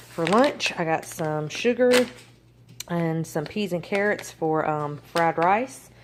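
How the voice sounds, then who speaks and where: A young woman, a mother, chatting casually through a grocery haul vlog, rambling with lots of ums and likes. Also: lowish voice. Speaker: family vlogger. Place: home kitchen. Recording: noisy home recording.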